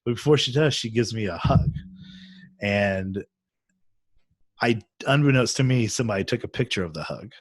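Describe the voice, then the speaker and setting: A man's voice: fairly low pitch, lively intonation, normal speed, long pauses, no echo. A man hosting a casual chat, rambling through a story with many fillers and restarts. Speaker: podcast host. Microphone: video call.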